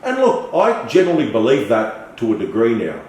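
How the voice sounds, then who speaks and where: A middle-aged man telling lively stories as a podcast guest. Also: mid-range voice, normal speed, very echoey, recorded from a distance, a little hiss or hum, rough recording. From Australia. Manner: animated, swearing, storytelling with acted quotes. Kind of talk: casual storytelling interview.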